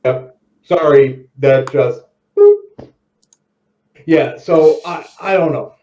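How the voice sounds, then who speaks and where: A man's voice: a little high, slow pace. Roomy lo-fi middle-aged storytelling man. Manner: lively storyteller, acts out quotes. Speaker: podcast guest. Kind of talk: casual chat, storytelling. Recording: roomy, distant, dull lo-fi mic.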